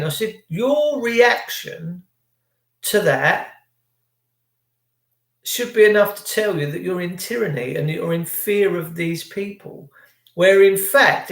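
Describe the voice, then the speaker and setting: Vlogger, high male voice, ranting and emphatic, echoey room. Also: fairly bright tone. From England. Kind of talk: casual monologue to camera.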